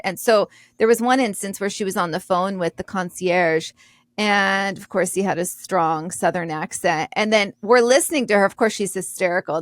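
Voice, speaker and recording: A woman co-hosting a podcast in casual chat, an animated storyteller who laughs easily. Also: mid-range voice, no echo, studio quality. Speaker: podcast co-host.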